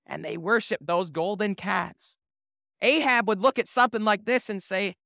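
Male pastor, casual humorous preacher, bright and smooth. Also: sits high, moderate pace, dry recording, studio quality. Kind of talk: sermon.

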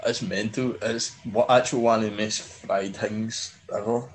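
A young man hosting a podcast, telling stories in lively casual chat and swearing freely. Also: fairly low pitch, moderate pace. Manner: animated storyteller, swears freely. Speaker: podcast host.

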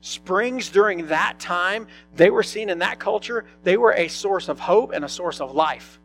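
A man's voice: sits high, a little slow, a bit bright, soft background music. A male pastor preaching a sermon in a conversational way, often asking his listeners questions. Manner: conversational, asks the congregation questions.

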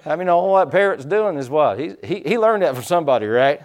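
A man preaching a sermon as pastor, folksy, telling stories and swinging his loudness up and down, from the United States. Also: on the high side, expressive, fairly quick. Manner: folksy storytelling preacher, rising and dropping loudness.

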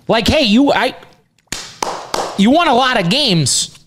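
A man's voice: very high voice, animated, slow pace, a bit bright, a little hiss or hum. A man co-hosting a sports betting podcast with a nasal voice, talking in blunt, profane, joking casual banter.

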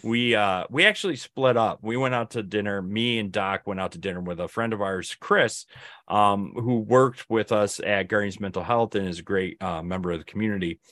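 A young man co-hosting a podcast chats casually, telling rambling stories and acting out the lines his friends said. His voice is fairly low and fairly bright at a normal speed, with clean studio sound and no room sound.

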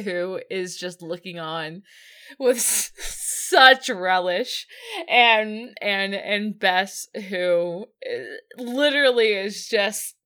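A woman's voice: mid-range voice, bright, forceful tone, smooth. A woman chatting casually as a podcast co-host, laughing often and acting out quoted lines. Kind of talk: casual recap chat.

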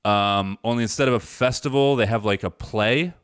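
A man's voice: lowish voice, moderate pace, a bit bright, clean tone, dry recording, clean studio sound. A man co-hosting a podcast, reviewing a movie in casual chat, easygoing and wry. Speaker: podcast co-host.

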